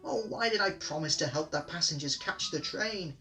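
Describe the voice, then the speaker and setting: Bertie, a man doing a wailing excitable bus. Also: fairly high pitch, moderate pace, far from the mic, soft background music, pitched above the performer's own voice. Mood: grumbling. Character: eager, determined male country bus.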